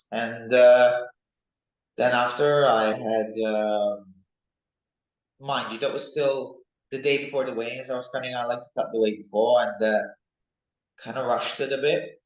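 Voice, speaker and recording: Young guy fighter rambling on excitedly, room sounds kinda echoey. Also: medium pitch, a little slow, dull audio. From United Kingdom. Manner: rambling, excitable, animated when recalling fights. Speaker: MMA fighter, interview guest. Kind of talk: casual interview talk.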